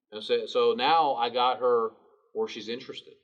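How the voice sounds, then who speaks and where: A man giving a sales training talk in a calm, low late-night DJ manner. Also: normal speed. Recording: distant mic, dull sound.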